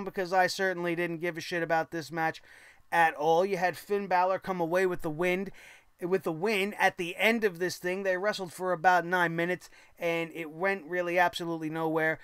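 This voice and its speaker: A man's voice: sits high, fairly bright tone, smooth, no echo, clean studio sound. A man hosting a wrestling recap show, ranting sarcastically and swearing, mocking people in put-on voices. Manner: sarcastic, profane, mocking impressions.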